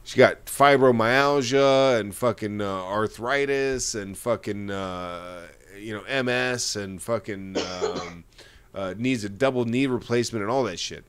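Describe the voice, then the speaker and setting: A man's voice: fairly low pitch, measured pace, a bit bright, smooth. Ranting, profane male podcast host. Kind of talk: casual podcast commentary.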